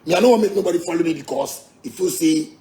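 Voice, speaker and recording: A man's voice: a little high, quick pace, dark tone. A Ghanaian musician with a Ghanaian Pidgin English accent, delivering a heated, combative rant to his fans, repeating himself and swearing. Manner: combative, repetitive, swearing, laughing asides.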